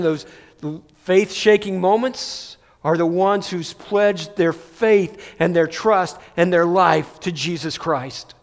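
A male pastor preaching a sermon, moving between loud emphatic peaks and hushed, near-whispered passages. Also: sits high. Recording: long hall reverb.

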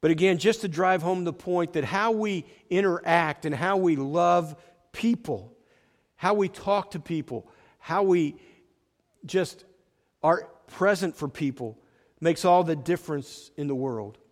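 A man's voice: on the high side, measured pace. A man preaching a sermon, earnestly retelling a movie story with frequent restarts. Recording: reverberant hall.

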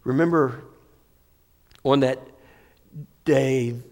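A male pastor preaching a sermon, moving between loud emphatic peaks and hushed, near-whispered passages. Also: medium pitch, drawn-out words. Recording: long hall reverb.

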